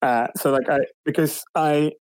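Halting man with dry sound. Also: a little high, fairly even intonation, darkish tone, no room sound, low-quality recording. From Sweden. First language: Swedish. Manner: halting, thoughtful, frequent restarts. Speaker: guest. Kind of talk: casual interview.

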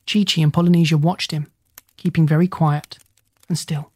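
A reader narrating a children's storybook in a steady, gentle way. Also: medium pitch, moderate pace, breathy edge, dry recording. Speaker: audiobook reader.

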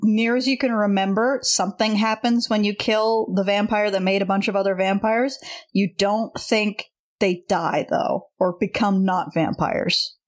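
Woman narrating a tabletop game, calm and explanatory, laughs a lot. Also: medium pitch. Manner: measured, explanatory, laughs often. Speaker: game master.

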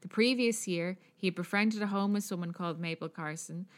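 A woman's voice: lowish voice, a little fast. An Irish woman co-hosting a podcast, telling a true story in casual chat with lots of fillers and the odd swear. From Ireland. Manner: chatty, profane, many fillers. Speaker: podcast co-host.

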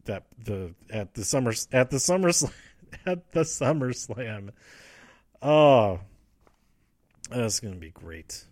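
A man hosting a casual, rambling recap show from a quiet home room, full of fillers and restarts. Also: medium pitch, dry recording. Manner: rambling, frequent fillers and restarts, quotes wrestlers in quick asides. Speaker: podcast host recapping wrestling.

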